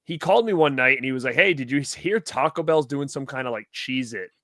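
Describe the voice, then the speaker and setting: A man in his thirties hosting a casual podcast chat, telling stories with lively acted-out quotes. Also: mid-range voice, brisk, no echo, clean studio sound. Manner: animated storytelling, acts out quotes. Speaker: podcast host.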